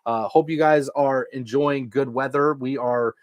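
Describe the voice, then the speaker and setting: A man's voice: medium pitch, steady tone, unhurried, no echo. Upbeat rambling man from Iowa, dry sound. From Iowa, United States. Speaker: podcast co-host. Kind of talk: casual livestream chat.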